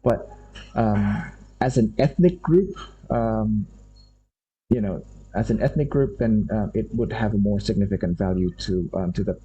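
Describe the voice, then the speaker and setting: Husky, dark-voiced lecturer. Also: male voice, fairly low pitch, dull audio. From Indonesia. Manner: unhurried, thinks aloud, often repeats phrases. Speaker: university lecturer. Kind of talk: university lecture.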